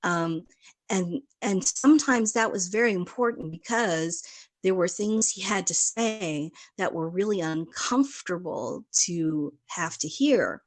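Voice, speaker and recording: A woman's voice: lowish voice, animated, a little slow. A woman from Chicago chatting casually as a guest, rambling in a stream-of-consciousness way and laughing often. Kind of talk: casual chat.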